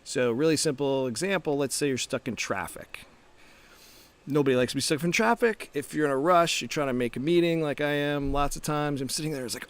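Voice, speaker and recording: A man's voice: on the high side, fairly quick. A middle-aged man giving a casual motivational talk to camera, reflective, with restarts and rhetorical questions. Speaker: startup founder and coach.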